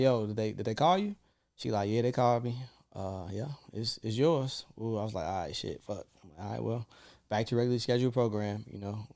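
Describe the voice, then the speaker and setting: Young guy, podcast co-host; loose, profane storyteller who jumps up high when quoting people. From Chicago. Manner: animated, swearing, acts out quoted lines with big jumps in pitch. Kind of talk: casual storytelling chat.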